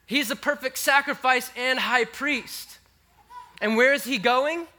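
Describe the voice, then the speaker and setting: A male preacher with a high, bright voice. He talks to his congregation in a casual, conversational way. He goes quiet and intimate, then rises with animated energy. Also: a little slow. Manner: conversational, animated, swinging between hushed and excited. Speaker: pastor. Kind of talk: sermon.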